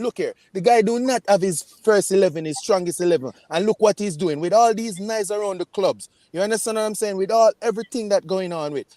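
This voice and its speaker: Jamaican fan caller, high-pitched, dry close sound, fiery emphatic delivery. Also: male voice, a little mellow, no echo. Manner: fiery, emphatic, repeats "man" and "you understand". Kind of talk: passionate fan rant on a video call.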